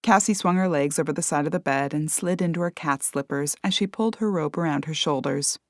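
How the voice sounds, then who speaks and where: A woman narrating an audiobook in a measured, expressive way. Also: deep voice, no room sound, clean studio sound. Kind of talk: scripted narration.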